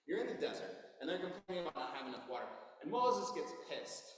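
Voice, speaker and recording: A man preaching to his congregation, his pitch rising and falling freely as he retells old stories in everyday speech. He sounds far from the mic, with heavy echo ringing through a large hall. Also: fast, slight background noise. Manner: animated storytelling, retells scripture in casual modern speech. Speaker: pastor. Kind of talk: sermon. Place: church sanctuary.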